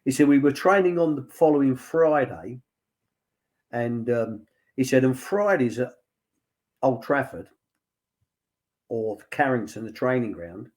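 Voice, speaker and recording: A man's voice: medium pitch, lively intonation, unhurried, pauses often, a little mellow. An older man, a former football academy director, chatting as a guest and retelling stories with many fillers and repeated "he said.". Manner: chatty storyteller, lots of "he said" and fillers. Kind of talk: anecdotal casual chat.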